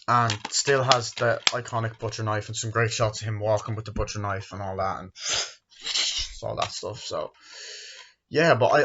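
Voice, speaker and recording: A man's voice: lowish voice, fairly bright tone. A man in his twenties giving a rambling, profane movie review from his bedroom, acting out scenes in a raised voice. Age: 20s. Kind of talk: casual spoken film review. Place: bedroom, indoors. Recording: dull lo-fi home recording.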